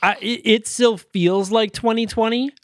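A man co-hosting a podcast in casual chat, joking and quick to laugh. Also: high-pitched, steady tone, dry recording, studio quality. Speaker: podcast co-host.

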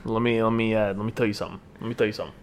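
A man co-hosting a podcast, telling a story in an animated, profane, slangy way. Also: fairly low pitch, racing, a little hiss or hum. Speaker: podcast co-host. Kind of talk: casual storytelling chat.

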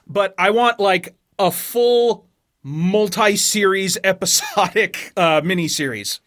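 A man's voice: sits high, takes it slowly, fairly bright tone. A man co-hosting a casual podcast who swears freely and riffs on joke ideas. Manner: crude, swears freely, riffs on bits with mock ad voices. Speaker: podcast co-host. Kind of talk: casual banter among friends.

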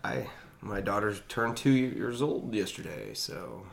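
A man in his thirties co-hosting a casual podcast, playful and quick to laugh. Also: fairly low pitch, lively intonation, gravelly, a little hiss or hum. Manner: chuckling, playful. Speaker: podcast co-host. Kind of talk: casual chat over drinks.

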